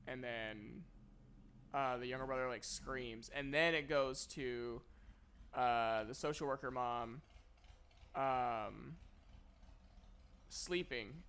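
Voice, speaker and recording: A man's voice: mid-range voice, fairly bright tone, smooth. A young man in a casual spoiler review of a movie, retelling the plot in a rambling way with many filler words.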